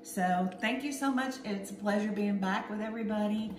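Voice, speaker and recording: Speaking at a normal pace over music, a woman with a mid-range voice leads a laid-back cooking demonstration at home. She's talkative and somewhat bossy as she lays out the instructions one step at a time, and the echoey kitchen carries clear background noise.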